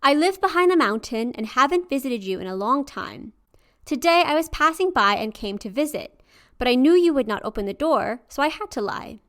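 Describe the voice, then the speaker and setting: A woman's voice: high voice, expressive, fairly quick, a bit bright. A woman voicing a sly old female tiger spirit who poses as a kindly great aunt, speaking in a coaxing, falsely sweet way.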